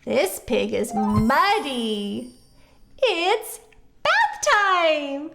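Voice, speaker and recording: A woman who works as a speech-language pathologist, teaching toddlers first words in a children's educational video with a slow, exaggerated, sing-song delivery. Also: high voice, sing-song, gravelly, music in the background.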